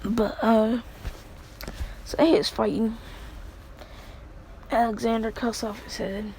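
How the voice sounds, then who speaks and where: A woman's voice: a little high, little pitch movement, takes it slowly, warm tone, slight background noise, poor audio. A woman casually retelling a story in a rambling way, full of fillers.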